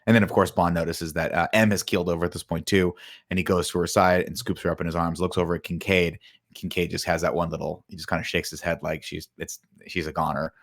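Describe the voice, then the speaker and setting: A man co-hosting a podcast, casually retelling film scenes with lively acted-out quotes and plenty of swearing. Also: deep voice, fast talker. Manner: animated retelling, acts out quotes, swears freely. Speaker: podcast co-host.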